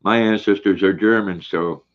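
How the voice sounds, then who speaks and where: A man's voice: low-pitched, normal speed. An older man hosting a casual livestream, reading viewers' comments aloud in a folksy way while eating. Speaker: livestream host. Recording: dull lo-fi stream audio.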